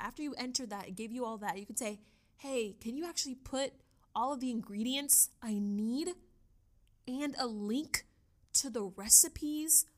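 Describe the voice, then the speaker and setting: A young woman hosting a casual solo podcast, talking in an excitable, gushing way and laughing often. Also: a little high. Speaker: podcast host.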